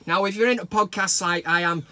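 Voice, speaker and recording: A man giving a blunt, sweary fan rant that builds into a shouted team talk. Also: high voice, fairly quick. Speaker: football fan vlogger. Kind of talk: ranting fan vlog.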